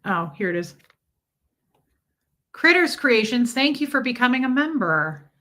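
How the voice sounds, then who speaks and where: A woman's voice: a little high, sing-song, measured pace, bright, forceful tone. A middle-aged woman hosting a casual livestream, chatting and reading out viewer messages. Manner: chatty, reads out chat messages, coos at a kitten. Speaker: livestream host.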